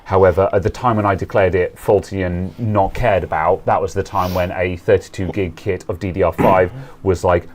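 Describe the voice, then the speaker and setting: A man's voice: sits low, fairly even intonation, moderate pace. A man co-hosting a casual tech chat stream, rambling with frequent ums and restarts. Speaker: co-host of a tech talk stream.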